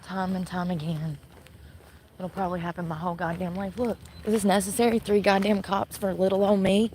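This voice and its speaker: A woman's voice: mid-range voice, steady tone, quick pace, darkish tone, slight background noise, poor audio. A woman livestreaming outdoors at night from her phone, bitter and swearing constantly as she rants. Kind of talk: angry profane ranting livestream. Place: outdoors at night near a shopping center. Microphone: phone camera.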